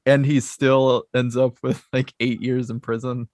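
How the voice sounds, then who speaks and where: A man's voice: mid-range voice, flat delivery, measured pace, a little mellow, dry recording, studio quality. A man co-hosting a podcast, recapping a movie plot casually and laughing often. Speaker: podcast co-host. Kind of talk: casual film discussion.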